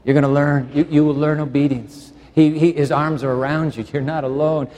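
Male pastor, sermon delivery, impassioned, hushed to fervent, long hall reverb. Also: on the high side, little pitch movement, brisk.

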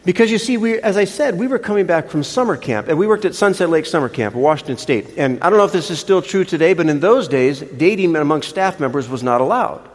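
An older man preaching a sermon, telling a story in an animated, chatty way with frequent restarts. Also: high voice. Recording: long reverb of a large hall.

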